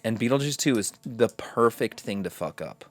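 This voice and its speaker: A young man rants his way through a casual podcast chat, loud and swearing freely. His voice sits in the middle range. The close mic in a dry room keeps the sound tight and dry. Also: mid-range voice, moderate pace, no echo. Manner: animated, ranting, swears often. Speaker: podcast co-host.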